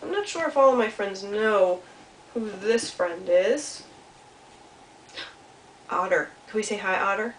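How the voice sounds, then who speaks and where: A woman telling a children's story with puppets, animated and asking the kids questions. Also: mid-range voice, measured pace, pauses often. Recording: roomy sound from a distance, faint hiss.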